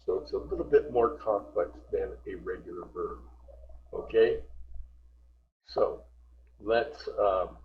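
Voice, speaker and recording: A man's voice: lowish voice, highs cut off. A man teaching an online group English class, patiently repeating words to correct pronunciation. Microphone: video call.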